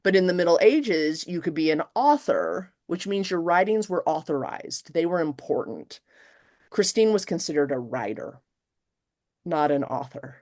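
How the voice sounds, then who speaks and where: A middle-aged woman professor chatting in an interview, lively and expressive, acting out quotes with big jumps in her voice. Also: moderate pace, no room sound, studio quality. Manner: animated, acts out quotes with big pitch jumps. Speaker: guest professor. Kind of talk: casual interview chat.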